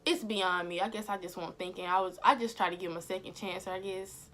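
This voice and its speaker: A young woman vlogger telling a story in a casual, animated, slangy way. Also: mid-range voice, a little fast, slight background noise. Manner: animated and slangy, acting out the exchanges.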